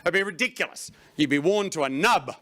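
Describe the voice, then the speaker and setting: A middle-aged man performing a stand-up comedy routine on stage, breaking into loud shouted bursts. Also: a little high, expressive, fairly quick, noisy background. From Australia. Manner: swings into loud shouted bursts for acted panic. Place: stage before a laughing audience.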